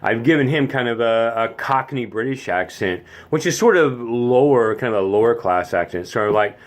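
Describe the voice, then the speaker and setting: A man's voice: medium pitch, lively intonation, moderate pace, few pauses. Goofy guy rambling about accents, casual and silly. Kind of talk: casual comedic monologue.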